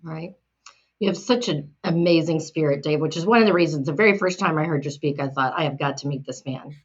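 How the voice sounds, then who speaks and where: A woman hosting an interview, speaking softly and admiringly to her guest. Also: low-pitched, brisk, breathy edge, muffled recording. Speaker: podcast host.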